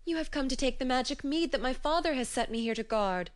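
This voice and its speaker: A woman's voice: fairly high pitch, normal speed, smooth, natural voice. Gunnlod, a woman reading a lonely grieving witch. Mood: defiant. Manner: lamenting, pleading. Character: grieving giantess witch, long-toothed and lonely.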